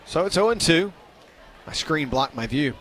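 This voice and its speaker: A man's voice: fairly high pitch, lively intonation, normal speed, a bit bright, a little hiss or hum. A man calling a baseball game play-by-play, chatty and self-deprecating, lifting his voice on big plays. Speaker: play-by-play announcer.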